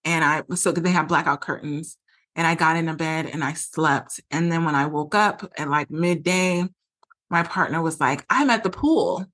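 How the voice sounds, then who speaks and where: A woman's voice: sits low, fairly even intonation, moderate pace, a bit bright. A woman podcast host telling a personal story in a candid, emotional way, with lots of "like" fillers. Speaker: podcast host and relationship coach.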